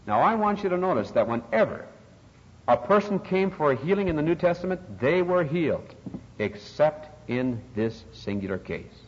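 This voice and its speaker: A man's voice: on the high side, sing-song, moderate pace. An older man preaching an expository sermon, stressing key words and rising sharply for emphasis. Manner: emphatic, dramatic rises on scripture quotes. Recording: dull, lo-fi, long reverb in a hall.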